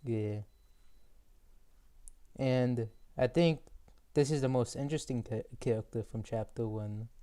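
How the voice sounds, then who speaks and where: A man's voice: medium pitch, unhurried, long pauses, dark tone. A man co-hosting a casual podcast, asking questions and rambling with jokes. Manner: rambling, jokey, leads the questions. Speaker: podcast co-host. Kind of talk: casual chat.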